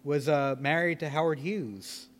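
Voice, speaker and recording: A man's voice: fairly high pitch, unhurried. A man on a podcast panel in casual chat, sharing trivia with a dry sense of humor.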